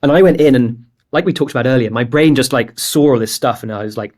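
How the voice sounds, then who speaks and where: A man's voice: medium pitch, quick pace, few pauses, a little mellow. Guy in his twenties from england rambling thru a startup story, lots of "like", pretty candid. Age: 20s; late 20s. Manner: candid, rambling, heavy use of "like". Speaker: guest, startup founder. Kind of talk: casual storytelling interview.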